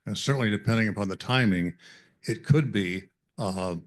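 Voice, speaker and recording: A man in the audience asking a panel a polite, measured question. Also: fairly low pitch.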